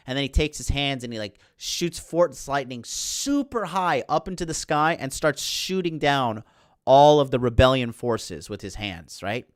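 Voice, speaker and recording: A man's voice: mid-range voice, a little slow, a bit bright, smooth, no room sound, clean studio sound. A man hosting a podcast, recapping a movie in a casual, indignant rant full of swearing and fillers. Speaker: podcast host.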